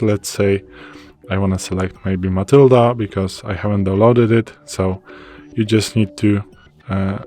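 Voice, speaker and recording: A man from Poland with a Polish accent, a native Polish speaker, calmly walking through phone settings in a casual tutorial with loose, hesitant phrasing. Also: fairly low pitch. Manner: plain, loosely worded explaining with hesitations. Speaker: tech tutorial presenter. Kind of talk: casual screen walkthrough.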